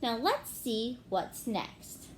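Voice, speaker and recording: A woman teacher giving a gentle phonics lesson to young children, clapping out words syllable by syllable. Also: a little high, big pitch swings, drawn-out words, noisy background.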